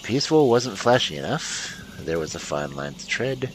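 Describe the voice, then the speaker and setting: A man's voice: lowish voice, sing-song, normal speed, slight background noise, low-quality recording. A man streaming a story game, reading the narration aloud and muttering asides to himself.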